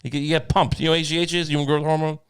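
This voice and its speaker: A man's voice: on the high side, flat delivery, racing, smooth. A man co-hosting a comedy podcast, riffing in a rambling, profane way with absurd jokes. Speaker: podcast co-host. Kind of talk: casual comedic podcast banter.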